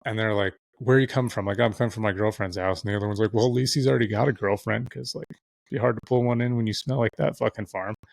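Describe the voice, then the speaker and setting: A young man with a lowish voice tells a winding story in casual podcast chat. He swears freely and puts on the voices of people he quotes. The sound is close and dry, with no room around it. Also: fairly even intonation, quick pace, gravelly, no echo. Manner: rambling, heavy swearing, acts out quoted voices. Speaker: podcast guest.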